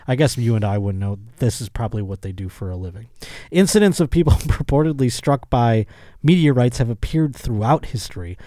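A man with a warm, mid-range voice hosts a comedy podcast, reading a news story aloud and riffing on the article with jokes. He laughs often. The recording is dry and studio quality.

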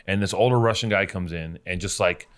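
A man's voice: sits low, fairly quick, smooth. A man telling a long, rambling, profane story in casual chat, often cutting himself off and starting over.

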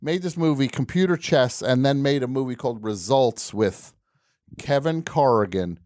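A man's voice: mid-range voice, normal speed, a little mellow, no room sound, studio quality. A man hosting a podcast in a casual, jokey, rambling way. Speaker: podcast host. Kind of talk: casual chat.

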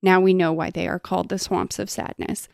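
A small, loyal horse, read aloud by a woman from a book speaks softly and heavily, with all hope gone. The voice has a slight gravelly fry, and the room is dry and close. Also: on the low side, little pitch movement, fairly quick, dry recording. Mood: despairing. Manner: soft, heavy, despairing reading.

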